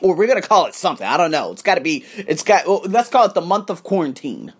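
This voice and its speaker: A man hosting his own podcast, giving an animated, profane, preachy motivational monologue. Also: high voice, quick pace, husky. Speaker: podcast host. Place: abroad, living in Thailand.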